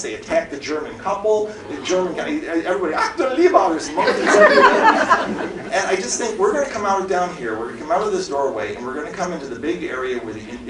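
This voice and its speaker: An animated man spinning a comic anecdote before a live theatre audience, acting out the scenes as he laughs along. His pitch sits a little high and leaps around, and he sounds far from the mic in a roomy, echoey hall with the crowd audible. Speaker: mystery author, interview guest.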